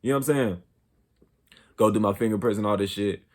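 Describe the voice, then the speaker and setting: Speaking briskly, this young storyteller host shares a personal tale full of profane, casual slang and frequent "you know what I'm saying" check-ins. His voice shoots up in pitch and volume whenever he reenacts a heated argument.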